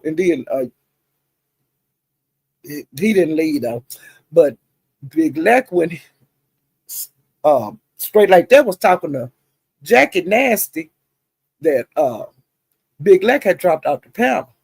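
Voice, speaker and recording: A woman's voice: sits low, big pitch swings, takes it slowly, creaky, pauses often, a little mellow, slightly rough, no room sound. A woman hosting a livestream, chattily retelling gossip with lots of asides and some cussing. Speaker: livestream host. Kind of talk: casual gossip storytelling.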